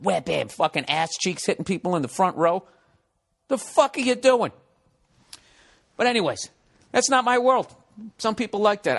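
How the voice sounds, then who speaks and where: Profane ranting comedian man. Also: high voice. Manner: profane, ranting, animated storytelling. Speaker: podcast host. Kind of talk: comedic podcast monologue.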